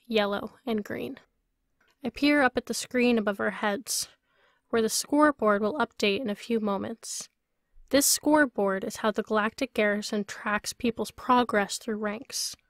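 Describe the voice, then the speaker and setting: A woman author reads her novel aloud in a steady, even first-person narration. Her voice sits fairly high for a woman. The recording is close-miked and dry. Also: no echo. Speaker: author reading her book. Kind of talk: audiobook narration.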